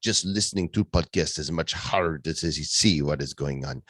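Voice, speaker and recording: A man's voice: rumbling low, normal speed, sharp tone, voice pushed down, heavily acted. A man voicing a chatty French male podcast fan with a playful mock French accent. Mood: fond.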